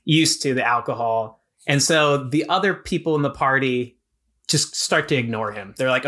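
Bright, forceful guy on a book podcast, jumps into character voices while retelling the plot. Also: medium pitch, moderate pace. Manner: animated retelling, acts out characters' lines. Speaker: podcast co-host. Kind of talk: casual literary discussion.

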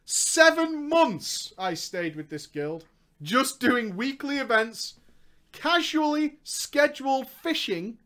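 Brief: young male storyteller, high bright voice, sarcastic comic delivery. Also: sing-song, takes it slowly. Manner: sarcastic, jokey, laughs often. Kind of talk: comedic gaming storytime.

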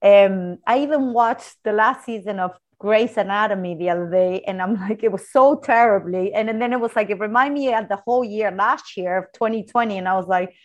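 A woman's voice: medium pitch, brisk, hardly any pauses, dull audio. A woman hosting a casual conversation who chats freely, laughs often and retells little stories with quoted dialogue. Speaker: host, coach with clients.

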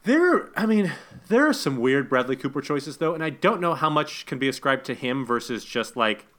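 A man's voice: medium pitch, big pitch swings, normal speed, fairly bright tone. A man in casual podcast chat, giving dry, wry critique of a movie. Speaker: podcast co-host.

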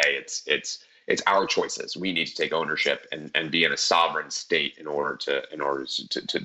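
A man's voice: extremely low pitch, pushed and bright. A man from central New Jersey, a guest on a talk show, telling a personal story in an earnest, reflective way and chuckling now and then. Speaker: podcast guest.

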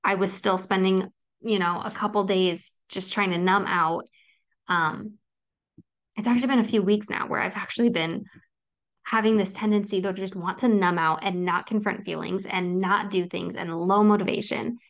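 A woman's voice: mid-range voice, fairly even intonation, normal speed. A woman hosting a solo podcast, talking earnestly and reassuringly to her listeners, with frequent ums. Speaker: podcast host. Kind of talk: personal solo podcast talk.

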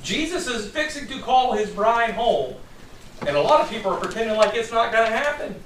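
A man's voice: very high-pitched, expressive, a little fast, fairly bright tone, a little hiss or hum. A middle-aged man preaching a sermon in a conversational, storytelling way, from a distant mic in a church hall.

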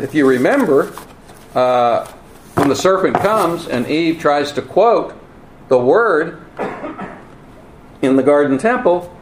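A man preaching a teaching sermon, earnest and emphatic, with wry asides and halting repeats. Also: a little high, a little hiss or hum. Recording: roomy echo, faint ambience.

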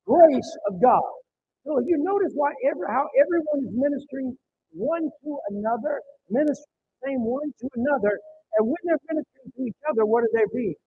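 Very high-voiced man preaching a sermon. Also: slight background noise. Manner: emphatic preaching with call-and-response to the congregation. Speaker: pastor. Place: church. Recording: dull muffled sermon recording.

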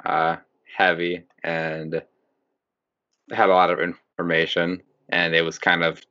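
A man's voice: low voice, completely flat delivery, takes it slowly, bright, forceful tone, lo-fi sound. A man with a Wisconsin accent, co-hosting a podcast in casual, rambling chat. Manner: chatty, rambling, restarts sentences. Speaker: podcast co-host.

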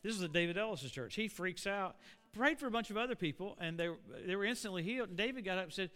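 A high, bright male voice carries this animated storytelling sermon. His tone stays smooth and resonant as he puts questions to the congregation. The sound hangs in a long, echoey church hall. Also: fast talker. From Oklahoma. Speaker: preacher.

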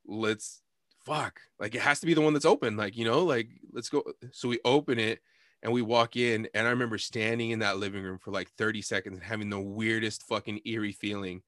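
A young man with a lower voice tells a story briskly in casual conversation, swearing heavily and acting out the quotes. The recording is dry and studio quality.

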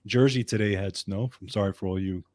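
Easygoing man with a low, dry voice. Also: fairly quick, darkish tone, dry recording. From upstate New York. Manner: easygoing, chatty, laughs often. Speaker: co-host. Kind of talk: casual chat.

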